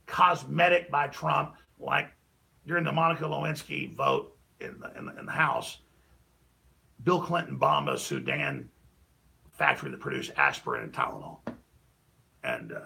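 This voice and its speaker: In a creaky voice, a middle-aged talk show host rants heatedly about politics, sometimes bursting out loudly and sometimes muttering low.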